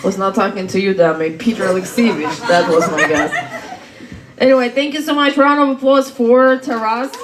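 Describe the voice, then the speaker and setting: A woman's voice: fairly high pitch, steady tone, moderate pace, background noise. Teasing woman hosting stand-up, echoey room. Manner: teasing, chatty, laughs between jokes. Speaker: comedy host. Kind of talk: stand-up and crowd work. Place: comedy venue, roomy.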